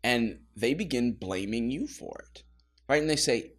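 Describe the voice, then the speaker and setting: A man's voice: medium pitch, animated, unhurried. A man pastor leading a casual Bible study, talking conversationally with laughing asides.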